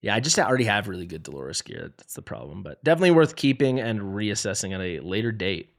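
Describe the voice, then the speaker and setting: Animated man griping through game gear. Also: lowish voice, fast talker, vocal fry. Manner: exasperated, joking, playfully dramatic. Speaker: game streamer. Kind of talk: live gameplay commentary.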